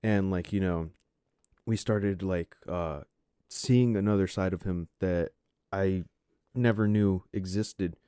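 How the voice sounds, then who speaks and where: A man's voice: low voice, steady tone, takes it slowly, warm tone, smooth, dry recording, studio quality. A man in his twenties hosting a podcast, telling a story casually and rambling with lots of "like" and "you know" fillers. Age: 20s. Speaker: podcast host.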